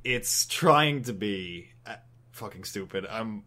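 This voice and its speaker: A man's voice: fairly low pitch, animated, slow pace, bright, forceful tone. Rambling, cursing male podcast co-host. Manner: rambling, swears, acts out quotes. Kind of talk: casual chat recapping a comic.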